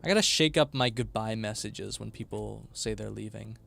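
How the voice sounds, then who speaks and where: A man's voice: lowish voice, normal speed, creaky, bright, forceful tone. A tired man chatting casually on a live stream while building a game, often mumbling to himself.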